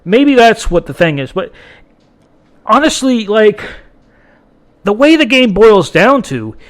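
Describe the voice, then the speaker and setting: A man's voice: sits high, big pitch swings, slow pace. A man hosting a podcast, talking in a casual, rambling monologue full of swearing and restarts. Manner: rambling, profane, many restarts. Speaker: podcast host.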